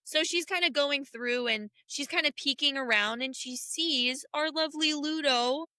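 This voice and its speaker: Young woman on a rewatch podcast, kinda high bright voice, dry close mic, jokey slangy recap. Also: normal speed, no echo. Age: young adult. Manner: lively slangy retelling with jokes. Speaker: podcast co-host. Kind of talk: casual chat.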